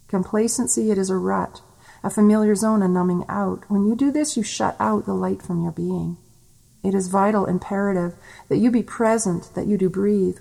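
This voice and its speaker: Creaky, husky woman intoning meditation. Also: medium pitch, warm tone, poor audio. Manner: slow incantatory verse with archaic phrasing. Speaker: spiritual teacher. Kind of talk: channeled guided meditation.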